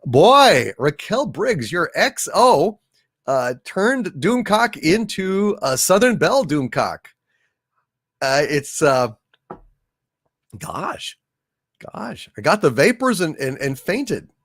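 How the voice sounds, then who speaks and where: A man's voice: fairly high pitch, sing-song, takes it slowly, a bit bright, no room sound, studio quality. A man hosting a livestream, reading viewer comments in rambling, plain-spoken casual chat, congested from allergies. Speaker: livestream host.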